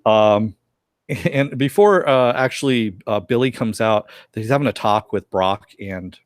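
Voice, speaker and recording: A man's voice: on the low side, dry recording, clean studio sound. Chatty man, laughing co-host. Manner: laughs often, retells scenes with quick acted quotes. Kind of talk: casual episode review chat.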